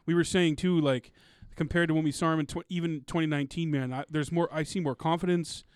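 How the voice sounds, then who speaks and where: Male co-host, excited and slangy, clear smooth tone, slightly high voice. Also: fast, no echo, clean studio sound. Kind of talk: casual chat.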